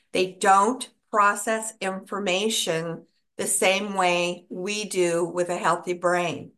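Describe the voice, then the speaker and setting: A woman teaching caregivers in a calm instructional talk, with a repetitive, reassuring coaching manner. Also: medium pitch. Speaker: dementia care educator.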